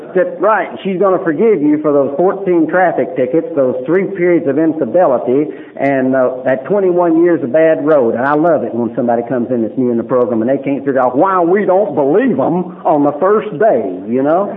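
A man's voice: on the high side, normal speed. Folksy man telling his story, tinny recording. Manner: folksy storyteller who acts out what people said. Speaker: speaker at a recovery meeting. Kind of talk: personal testimony talk. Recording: tinny lo-fi recording with faint hiss.

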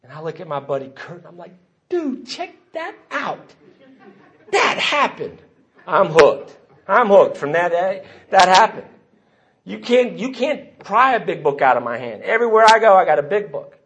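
A man's voice: sits high, sing-song, brisk, fairly bright tone, slightly rough. A man giving a recovery testimony, telling his story and voicing the people he quotes. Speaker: recovery meeting speaker. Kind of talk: personal testimony talk. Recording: dull lo-fi recording.

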